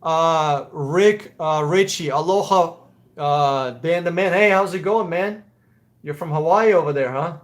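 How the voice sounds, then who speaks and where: A man's voice: fairly high pitch, unhurried. A man with a Russian accent hosting a casual live Q&A stream, answering chat questions in a blunt, profane, opinionated way. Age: adult.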